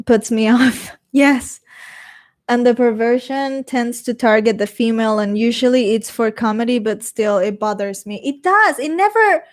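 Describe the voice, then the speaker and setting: A young woman, fairly high-voiced, talks casually to her chat on a stream. She rambles from one topic to the next and reads out comments as they come in. She swears offhandedly and switches freely between English and Spanish.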